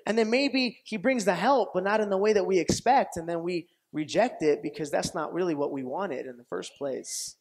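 A man preaching a sermon as pastor, telling stories with lively acted-out quotes and frequent laughter, often restarting phrases and checking with his audience. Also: high-pitched, moderate pace, hardly any pauses. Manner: animated storytelling, acts out quoted voices, laughs often; repetitive restarts, asks audience questions.

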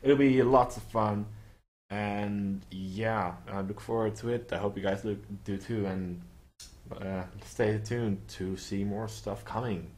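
A man giving casual, excitable commentary over his own gameplay, then a rambling sign-off full of fillers. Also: lowish voice, takes it slowly. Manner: excitable, chants siren-like noises. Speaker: gaming channel host.

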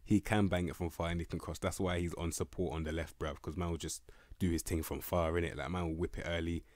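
Excitable deep-voiced young man. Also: fast talker, dry recording. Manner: excitable, rambling slang, frequent swearing and stumbling restarts. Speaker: gaming video creator. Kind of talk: casual game commentary.

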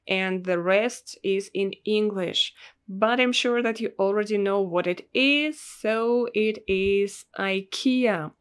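Slow, patient Russian-accented woman teacher. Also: mid-range voice. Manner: patient, repeats each word slowly. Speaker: language teacher. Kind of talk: slow, clear language lesson.

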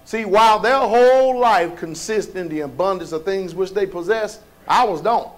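A male pastor preaches in a folksy, colloquial style, rattling off rhetorical questions and sometimes breaking into shouts. He has a high voice and speaks at a moderate pace.

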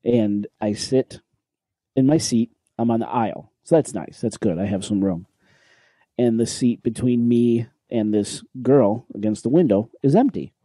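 Dark-voiced man telling a wild story. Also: medium pitch, unhurried, no echo. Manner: animated, swearing, acts out quoted lines. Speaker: podcast co-host. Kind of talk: casual storytelling chat. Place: podcast recording room.

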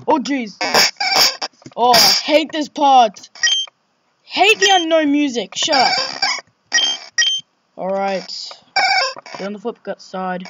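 A woman's voice: on the high side, sing-song, slow pace, pauses often, dull audio. A woman playing a horror game and commenting, jumpy and exclaiming, often swearing. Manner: jumpy, exclaiming, swearing, frequent 'oh my God'. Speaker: let's play gamer. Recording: loud background noise.

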